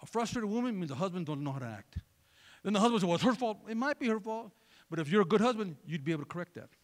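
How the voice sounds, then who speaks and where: A man preaching a sermon in an animated way, throwing joking asides to the congregation. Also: high voice, very fast. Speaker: pastor.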